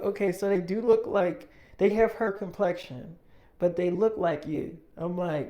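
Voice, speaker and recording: Mellow-voiced man telling a slangy story. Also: high-pitched, unhurried, echoey room. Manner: slangy, retells dialogue with "I'm like, she's like". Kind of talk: casual storytime narration.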